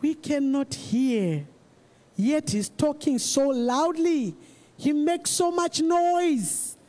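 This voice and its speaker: Very high-pitched emphatic preacher. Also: takes it slowly. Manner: emphatic and repetitive, rising to shouts. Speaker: pastor. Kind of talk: sermon.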